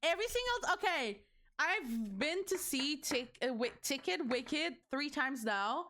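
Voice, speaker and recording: A woman's voice: high-pitched, animated, slow, bright, forceful tone. A young adult woman streamer chatting casually on a livestream, rambling through stories and swearing freely.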